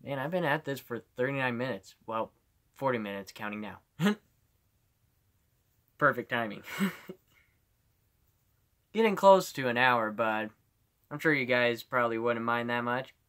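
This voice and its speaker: A man's voice: medium pitch, measured pace, pauses often, fairly bright tone. A male streamer chatting casually on a live stream, rambling and giggling, with lots of "like".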